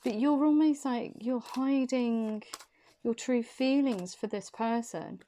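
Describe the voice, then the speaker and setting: A woman reads tarot cards for her viewers with a warm, dark tone. She sounds short of breath and halting, trailing off and repeating her questions softly. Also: fairly high pitch. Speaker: tarot reader. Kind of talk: intuitive tarot reading.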